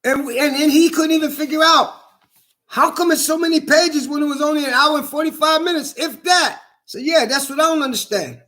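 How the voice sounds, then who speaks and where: A man's voice: very high-pitched, brisk, pushed and bright. A man delivering a heated, indignant vlog monologue, repeating himself and swearing often. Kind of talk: angry personal vlog monologue.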